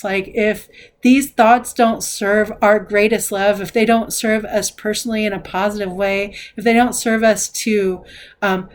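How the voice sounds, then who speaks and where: A middle-aged woman talks through a tarot reading in a loose, rambling way. She is candid and swears casually, with plenty of fillers. Her voice sits at an ordinary middle pitch. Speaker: tarot reader. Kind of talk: casual spoken tarot reflection.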